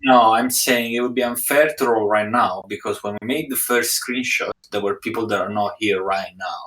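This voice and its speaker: A man playing a tabletop game on a call, speaking earnestly in a halting way and repeating words. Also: fairly low pitch, steady tone, a bit bright. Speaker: player. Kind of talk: casual tabletop game talk. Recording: echoey room audio from far off.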